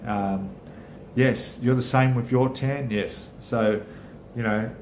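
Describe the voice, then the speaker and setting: A man's voice: mid-range voice, fairly even intonation, takes it slowly, darkish tone, reverberant, a little hiss or hum. A middle-aged Australian man hosting a casual live chat with viewers, rambling and chatty, often correcting himself mid-sentence. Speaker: channel host.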